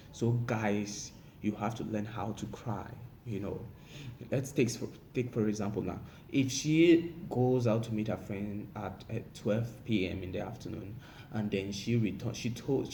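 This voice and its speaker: A man's voice: fairly low pitch, mellow, a little hiss or hum. A man giving relationship advice in a casual monologue, repeating himself and saying "you know" constantly. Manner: repetitive, frequent "you know" fillers.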